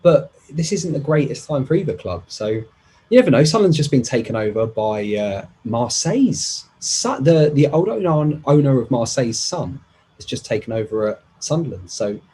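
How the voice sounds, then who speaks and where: A man's voice: medium pitch, sing-song, normal speed, dark tone, slight background noise, rough recording. A man in his thirties co-hosting a casual podcast, jokey and rambling. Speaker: podcast co-host.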